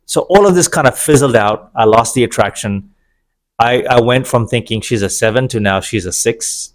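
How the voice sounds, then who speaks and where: A middle-aged man giving an opinionated, sarcastic monologue about dating, wandering into digressions. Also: mid-range voice. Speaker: vlogger. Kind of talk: casual monologue to camera.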